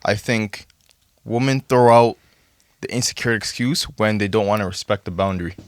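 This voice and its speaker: A man from Toronto, co-hosting a casual podcast, telling a story with animated stammering restarts. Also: fairly low pitch, normal speed, no room sound. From Toronto, Canada. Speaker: podcast co-host.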